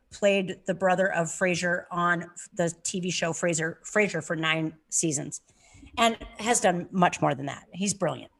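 A woman hosting a podcast, telling stories in a lively, animated way and laughing often. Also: on the low side. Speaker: podcast host. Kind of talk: casual conversation.

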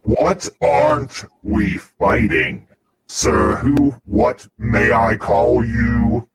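A man voicing a zealous, arrogant male machine-cult priest villain, speaking in slow, solemn declamations. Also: mid-range voice, big pitch swings, creaky, full character voice, low-quality recording. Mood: grandiose.

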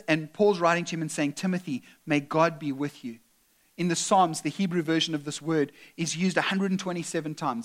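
Man, pastor, sermon, earnest emphatic preaching, slightly higher voice. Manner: earnest, shifts between emphatic and soft tender delivery.

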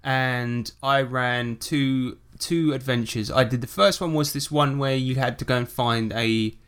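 A man co-hosts a casual podcast, talking loosely as the game master. His voice sits at a middle pitch, and his chat is full of fillers and easy laughter. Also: fairly even intonation, a little slow, a bit bright, clean tone. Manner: chatty, laughs often, many fillers.

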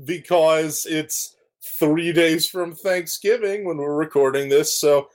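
A man's voice: fairly high pitch, fairly even intonation, slow pace. A man co-hosting a podcast in casual, teasing chat. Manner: teasing, playful. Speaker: podcast co-host.

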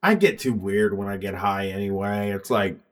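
A man's voice: lowish voice, normal speed. A man chatting casually with friends, rambling, swearing freely and laughing while he talks. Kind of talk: casual chat.

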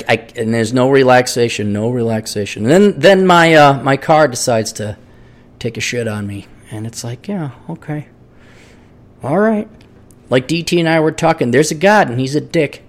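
A man rambling through a solo podcast monologue, profane and sarcastic, jumping from thought to thought. His voice sits at an ordinary middle pitch for a man, recorded close on a podcast microphone. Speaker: podcast host.

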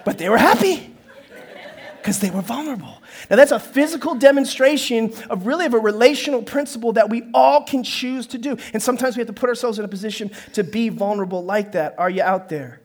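A pastor preaching a sermon who tells stories with animated acted-out dialogue and frequent laughter. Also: male voice, extremely high pitch, a little fast. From northern United States. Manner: animated storytelling, acts out dialogue, laughs often.

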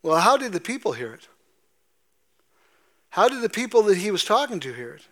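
A man's voice: high-pitched, sing-song, a little fast, fairly bright tone. A man pastor giving a sermon, explaining scripture conversationally with frequent fillers and restarts. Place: church sanctuary.

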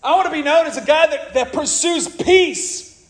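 A man preaching a sermon in an animated way, with joking asides and acted-out quotes. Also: extremely high pitch, normal speed, poor audio. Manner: animated, jokey asides, acts out quoted people.

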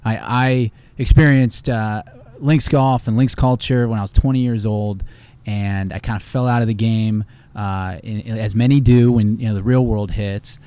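Brief: laid-back male podcast host, low mellow voice, meandering questions. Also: fairly even intonation, moderate pace, smooth. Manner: easygoing, hesitant questions with fillers. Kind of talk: casual podcast interview.

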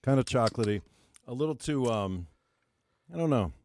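A man hosting a casual studio chat, steering it with quick questions. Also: mid-range voice, lively intonation, a little mellow, slight background noise. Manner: leads the talk with quick questions. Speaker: radio host.

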